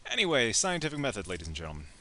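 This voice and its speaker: Bright-voiced man giving a playful lecture. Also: mid-range voice, wildly swooping pitch, very fast. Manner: playful, joking asides, acts out imagined speakers. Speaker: teacher. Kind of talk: casual classroom lecture.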